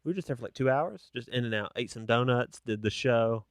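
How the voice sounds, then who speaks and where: A man, a stand-up comedian and podcast co-host, chatting casually and telling an animated story in which he acts out the people he quotes. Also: medium pitch, a little fast, smooth, no room sound, studio quality.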